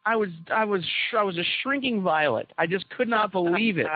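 Guy spinning a story for his cohosts, kinda high voice, acts out the quotes, dull dry lo-fi sound. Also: fairly quick, dry recording. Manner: animated, acts out quoted dialogue. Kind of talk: casual storytelling among co-hosts.

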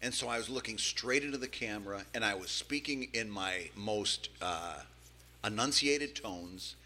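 A man co-hosting a podcast in casual chat, telling stories in an animated, self-deprecating way with many restarts. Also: lowish voice, moderate pace, a little hiss or hum. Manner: animated, self-deprecating, repeats words while storytelling. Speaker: podcast co-host.

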